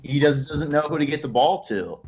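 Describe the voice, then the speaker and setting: Hosting a casual sports podcast, a Los Angeles man trades joking stories and banter with his co-host. His voice is slightly high and a bit quick, with lively shifts in loudness and faint music in the background.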